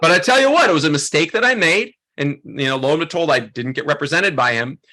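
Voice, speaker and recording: Bright-voiced chatty male photography teacher. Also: fairly high pitch, quick pace. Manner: animated, chatty, heavy use of "like" and "um". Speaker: photography workshop instructor. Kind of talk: storytelling lesson to a class.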